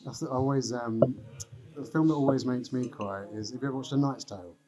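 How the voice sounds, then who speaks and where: A man's voice: mid-range voice, a little fast. A man hosting a casual podcast, easygoing and attentive as he shares a story. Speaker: podcast host.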